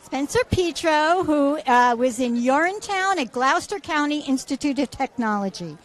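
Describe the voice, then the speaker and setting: A woman's voice: high-pitched, animated, normal speed. A woman interviewing award nominees at an event in a chatty, encouraging way, with asides. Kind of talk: casual red-carpet chat.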